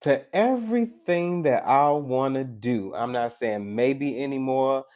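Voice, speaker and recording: A man's voice: mid-range voice, measured pace. A man giving a tarot live stream, talking casually and animatedly to his chat, preachy and joking. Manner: animated, preachy and joking, with teasing asides to viewers.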